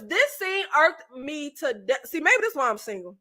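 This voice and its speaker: A woman vlogger rants about a reality dating show in a very high, bright, sharp voice. She talks emphatically and profanely, repeating her points. Her commentary is casual and laugh-filled. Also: normal speed, hardly any pauses. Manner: animated, profane ranting with frequent laughs; talkative and emphatic, repeats phrases.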